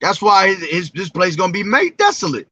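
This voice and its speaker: A man's voice: high voice, sing-song, brisk, sharp tone, breathy edge, no echo. A man preaching informally, reading scripture aloud between profane, slangy, emphatic remarks. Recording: dull lo-fi dry recording.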